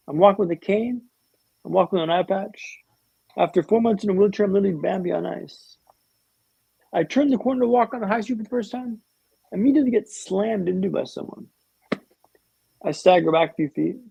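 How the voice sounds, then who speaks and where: Male interview guest, raised pitch, gravelly, dramatic storyteller with a humorous streak, dull lo-fi line. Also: warm tone, no room sound. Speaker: podcast guest.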